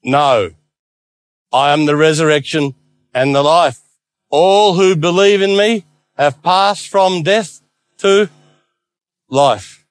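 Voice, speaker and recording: A man voicing a calm, commanding male savior who speaks with solemn authority. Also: on the high side, slow, long pauses, no room sound.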